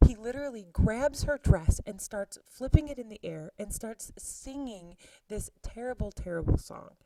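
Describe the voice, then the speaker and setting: A woman's voice: fairly high pitch, moderate pace, distant mic, very noisy. A woman teacher casually retelling a play scene, chatty with exclaimed asides to her students. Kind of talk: casual lesson summarizing a play.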